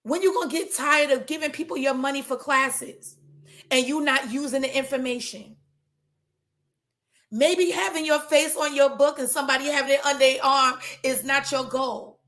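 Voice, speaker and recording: A woman with a somewhat high voice tells her business story in a loose, animated way. She talks straight to her audience like friends, mixing motivation with casual chat. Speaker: trichologist and hair business coach. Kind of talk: motivational casual talk to viewers.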